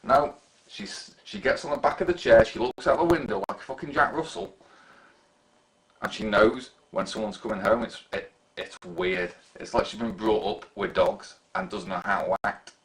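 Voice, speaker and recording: A man's voice: fairly low pitch, moderate pace, a bit bright, rough recording. A man chatting casually on a live stream, telling sweary, laughing anecdotes. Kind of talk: casual chat.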